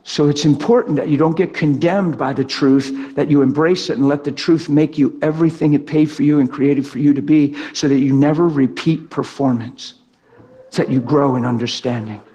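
High-voiced emphatic preacher. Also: male voice, fairly even intonation, normal speed, warm tone. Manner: spontaneous, emphatic storytelling with voiced quotes. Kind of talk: sermon with personal testimony.

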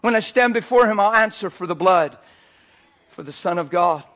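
A man preaching a sermon, animated and swinging between quiet asides and near shouts. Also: high voice, moderate pace.

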